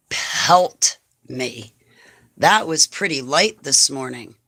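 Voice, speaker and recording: This livestream host has a deep, fairly bright voice, animated yet slow in pace. She addresses her viewers casually and bluntly, wandering across subjects and chuckling frequently.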